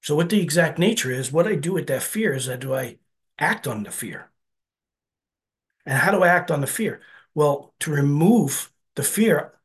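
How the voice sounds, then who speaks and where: At a recovery meeting, a man with a husky, medium-pitched voice shares his personal story earnestly and conversationally. He keeps checking in with his listeners by asking "right?"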